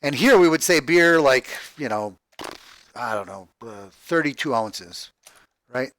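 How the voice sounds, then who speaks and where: A man walking through his project spreadsheet on screen, thinking aloud in a halting, rambling way, repeating words and tagging sentences with "right?". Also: mid-range voice, animated, fairly bright tone, dry recording. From Texas, USA. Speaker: crowdfunding project vlogger. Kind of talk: rambling screen-share walkthrough.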